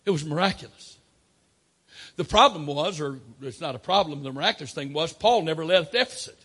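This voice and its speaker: A man preaching a sermon, swinging between loud emphatic declarations and quiet asides. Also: on the high side, lively intonation, a little fast, slightly rough.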